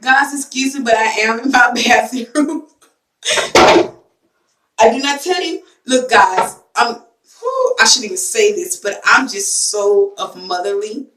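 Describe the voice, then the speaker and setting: A woman's voice: on the high side, unhurried, sharp tone, distant mic. A young woman in a casual vlog, telling an emotional story in a rambling way full of fillers. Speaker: vlogger. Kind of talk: casual chat to camera. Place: home bathroom. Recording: echoey bathroom, voice from mic.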